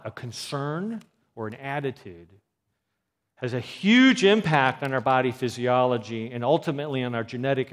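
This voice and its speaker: A man giving a health talk, telling a story about a mother and acting out what people said. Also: mid-range voice. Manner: animated storyteller acting out quoted voices.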